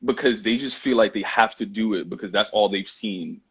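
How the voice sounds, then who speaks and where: A man's voice: lowish voice, moderate pace, slightly rough. A young man, chatting casually as a guest and telling stories full of slang and fillers. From Brooklyn, New York. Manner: animated storytelling with slang and many fillers. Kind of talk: casual chat. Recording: muffled Instagram live audio.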